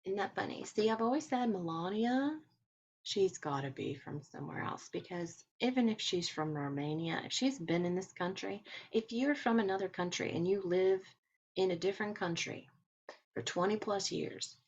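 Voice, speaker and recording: A woman's voice: medium pitch, animated, moderate pace, highs cut off, a little hiss or hum. A woman casually retelling a recorded talk, quoting the speaker and adding her own asides. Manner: paraphrases and quotes another speaker, with asides. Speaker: transcriber retelling a webinar.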